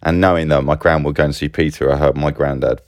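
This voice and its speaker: Middle-aged man, very deep voice, rambling and animated, close dry mic. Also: quick pace, dry recording. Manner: rambling, animated, frequent restarts. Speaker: business owner vlogger. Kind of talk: casual personal monologue.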